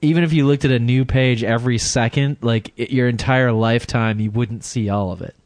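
A man's voice: mid-range voice, fairly even intonation, a little fast, a little mellow, dry recording. A man co-hosting a crude podcast, throwing in joking, wry asides. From United States. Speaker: podcast co-host. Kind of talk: casual crude banter.

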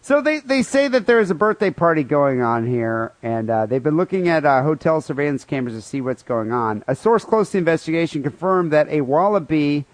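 A man hosting a comedy podcast, riffing on a news story with crude, profane jokes and mock outrage. His voice sits a bit higher than most men's. It is recorded close and dry, with no room sound. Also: sing-song, brisk, few pauses, dry recording. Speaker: podcast co-host. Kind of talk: casual comedic podcast banter.

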